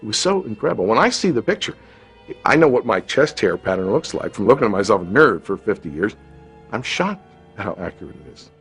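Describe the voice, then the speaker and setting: A man in his fifties, an actor telling a reflective, unhurried anecdote from a film shoot in an interview. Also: lowish voice, big pitch swings, fairly bright tone, breathy edge, faint music behind.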